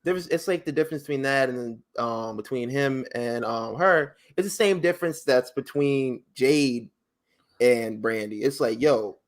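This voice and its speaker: A man co-hosting a podcast in casual chat, his voice sitting at an ordinary middle pitch. He tells stories loosely and with plenty of profanity, slipping into quotes of what people said. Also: normal speed. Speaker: podcast co-host.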